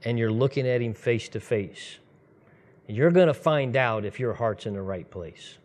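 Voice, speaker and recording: A man's voice: medium pitch, darkish tone. A man preaching a sermon in a conversational, storytelling way, speeding up in bursts. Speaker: pastor.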